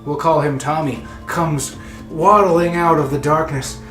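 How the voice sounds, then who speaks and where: A man's voice: fairly high pitch, steady tone, a little slow, echoey room, music in the background. A man running a tabletop game as game master, narrating loosely with frequent laughs. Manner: loose, laughing, voices characters in bursts.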